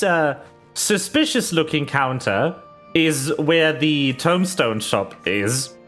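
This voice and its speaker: Chatty, unhurried game streamer. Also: medium pitch, expressive, a bit bright, soft background music. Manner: rambling, chatty, with laughs and fillers. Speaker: VTuber streamer. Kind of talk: casual game stream commentary.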